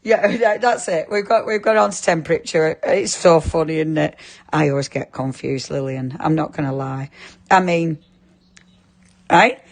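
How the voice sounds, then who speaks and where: A woman's voice: low-pitched, moderate pace. A woman presenting a live craft shopping show, chatting and giggling as she reads viewer comments.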